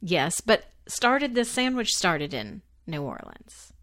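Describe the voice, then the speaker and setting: A woman's voice: on the low side, very animated, slow pace, fairly bright tone. Easygoing Southern woman podcast co-host. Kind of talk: casual chat.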